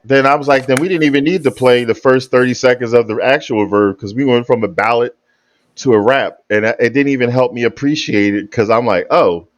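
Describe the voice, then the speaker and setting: A man's voice: on the low side, no room sound. A man hosting a reaction video, explaining his view in hesitant, rambling sentences. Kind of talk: casual reaction commentary.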